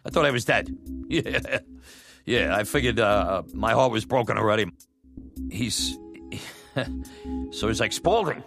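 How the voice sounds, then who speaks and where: A middle-aged man telling a personal story, animated and laughing often, acting out what others said. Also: lowish voice, takes it slowly, creaky, pauses often. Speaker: storyteller, former batboy. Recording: music bed under voice.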